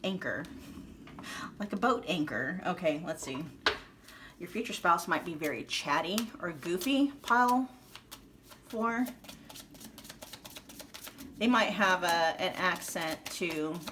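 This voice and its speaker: A woman with a Midwestern American accent gives her viewers a casual tarot reading, chatting and thinking aloud with lots of fillers and restarts. Her voice is on the low side and fairly bright, with lively intonation, a slow pace and frequent pauses. There's slight background noise.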